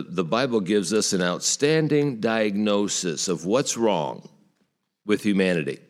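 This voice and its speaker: A male pastor with a low voice preaches earnestly, putting rhetorical questions to the congregation.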